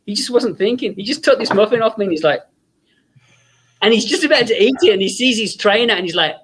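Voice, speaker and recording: A man's voice: sits high, quick pace, a little hiss or hum. A man telling anecdotes in a casual chat, acting out the voices of people in his stories and laughing often. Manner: animated storyteller, acts out quoted voices, laughs often. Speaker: guest filmmaker.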